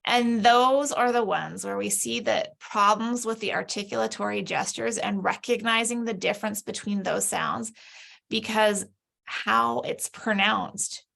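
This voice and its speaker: A woman whose voice sits in a middle pitch but carries a very strong vocal fry throughout. She is speaking in an interview as an educator and explains ideas in a thoughtful, measured way with some restarts. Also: lively intonation, a bit bright. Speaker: literacy educator. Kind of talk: interview conversation.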